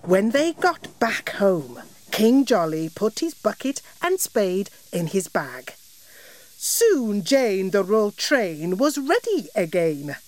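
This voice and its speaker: Slow, sing-song woman storyteller. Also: medium pitch, a little hiss or hum. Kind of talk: children's story and rhyme reading.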